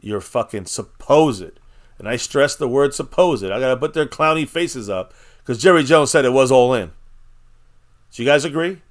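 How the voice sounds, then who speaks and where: A man's voice: medium pitch, lively intonation, normal speed. A man hosting a casual live-stream chat, rambling and blunt, swearing freely and reading viewers' comments aloud.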